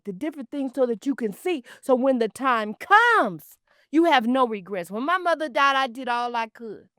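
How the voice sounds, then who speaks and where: A woman hosting a talk show, telling heartfelt stories in an emphatic, preachy way with repeated phrases, dropping at times to hushed, near-whispered asides. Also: a little high, expressive, moderate pace, no room sound, clean studio sound. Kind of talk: heartfelt storytelling monologue.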